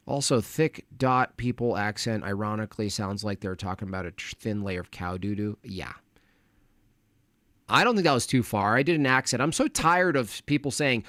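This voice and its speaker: A man hosts a casual livestream, thanking donors and wandering between topics as he mutters to himself. His voice sits at an ordinary middle pitch. The sound is dry and close, with no echo. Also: lively intonation, normal speed, fairly bright tone. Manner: rambling, distracted, mutters to himself. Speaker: livestream host reading chat donations.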